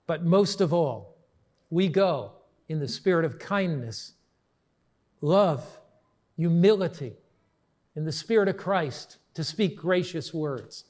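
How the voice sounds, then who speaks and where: Earnest higher-voiced male preacher. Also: lively intonation, darkish tone. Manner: earnest storytelling, slows for emphasis. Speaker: pastor. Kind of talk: sermon.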